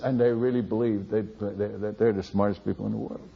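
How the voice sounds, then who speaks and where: A man, a missionary, tells a lively testimony story, laughing and repeating words as he goes. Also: fairly low pitch, a little fast, creaky, hardly any pauses, breathy edge, big-room sound. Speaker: missionary speaker. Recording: dull lo-fi recording.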